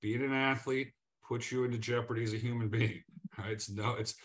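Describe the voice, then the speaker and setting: A man who is a former professional athlete, a guest telling stories in a conversational interview, animated, laughing often and repeating words as he goes. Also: medium pitch, brisk.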